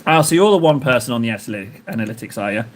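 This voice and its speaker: Over slight background noise, a man with a mid-range voice races along expressively. He's streaming as he paints miniatures, rambling and joking with the people in his chat.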